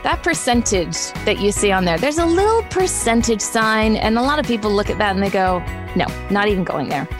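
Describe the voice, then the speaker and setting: A woman's voice: a little high, lively intonation, fairly quick, few pauses, music in the background. A woman in her forties hosting a podcast about food, chatting casually and laughing often. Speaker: host.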